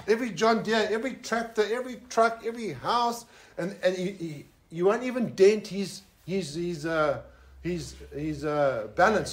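South African preacher, Afrikaans-speaking man, higher-pitched voice, chatty joking sermon. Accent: South African English. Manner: joking, conversational, with asides to the listeners. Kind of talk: informal sermon. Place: fellowship lounge.

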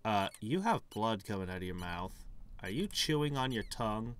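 A man's voice: lowish voice, big pitch swings, normal speed, fairly bright tone, clean tone. A man giving casual let's play commentary with wry, joking asides. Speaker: gaming video host.

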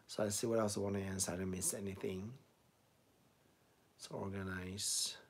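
A man's voice: low voice, level tone, moderate pace, husky. A middle-aged man with a Chinese accent, chatting casually on a live stream, reading out and answering viewer comments and laughing often. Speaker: beauty vlogger answering live chat.

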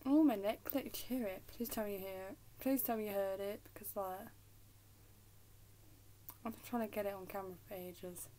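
A woman's voice: medium pitch, moderate pace, mellow, a little hiss or hum. A young woman with an English accent, chatting casually to camera at home, giggling and dropping into whispers. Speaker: vlogger. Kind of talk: casual rambling chat to camera. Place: at home in her room.

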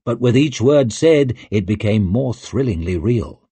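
Guy narrating an audiobook real slow, lots of ups and downs in his voice. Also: medium pitch, husky, dry recording. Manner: measured, expressive storytelling. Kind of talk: scripted narration.

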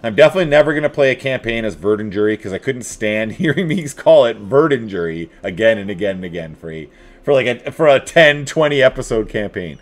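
A man's voice: on the low side, animated, fairly quick. A man casually commentating his own strategy game, chatting to his troops and rivals with playful asides. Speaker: let's play host.

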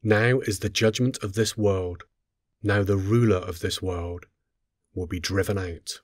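Low-voiced man reading scripture solemnly. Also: fairly even intonation, a little slow, dry recording, studio quality. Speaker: scripture reader.

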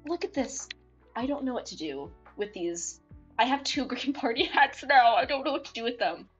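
A young woman streaming live, chatting to viewers in a bubbly, expressive, rambling way and giggling often. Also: fairly high pitch, normal speed, soft background music. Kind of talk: casual live-stream chat. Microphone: desktop mic, no webcam.

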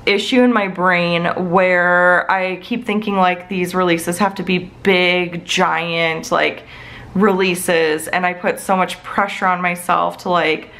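A woman's voice: on the low side, fairly even intonation, takes it slowly, a bit bright, poor audio. Chatty woman rambling with lots of fillers. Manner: rambling, many fillers like "like" and "you know". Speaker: planner vlogger. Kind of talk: casual chatty plan-with-me talk. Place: home office.

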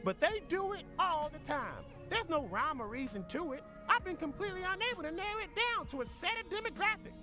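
A pushy alien vendor in a video game, with a very high voice that swoops all over as it rambles through its sales pitch. Game music plays underneath. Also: female voice, sing-song, a little fast, hardly any pauses. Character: pushy alien vendor hawking odd goods.

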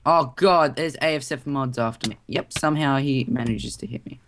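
A young man chatting casually while playing a game at his computer, yelping and shouting in the fights. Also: mid-range voice, moderate pace, hardly any pauses, slight background noise. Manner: excitable, yelps and shouts mid-fight. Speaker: gamer. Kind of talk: casual gameplay chat.

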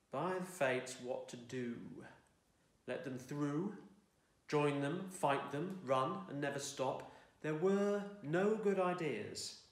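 A man's voice: fairly high pitch, roomy sound. A man reading his own fiction aloud in a dry, wry storytelling manner. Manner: dry, wry storytelling, belting out the shouted lines of dialogue. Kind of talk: expressive audiobook-style reading. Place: home room.

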